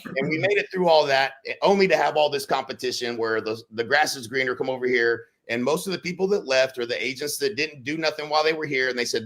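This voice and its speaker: A man talking casually on a podcast, animated and acting out quotes with sudden loud bursts. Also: mid-range voice, fast. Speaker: real estate brokerage leader on a podcast.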